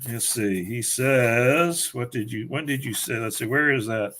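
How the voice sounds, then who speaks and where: Older man, guest author, chatty storyteller, crisp bright tone. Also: mid-range voice, measured pace, a little hiss or hum. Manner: chatty storyteller, laughs often. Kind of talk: casual chat.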